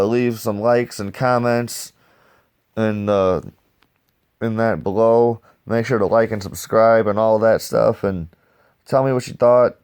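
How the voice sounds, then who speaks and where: A man casually reviewing comic books in a loose, slangy, excitable way. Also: lowish voice, clean tone.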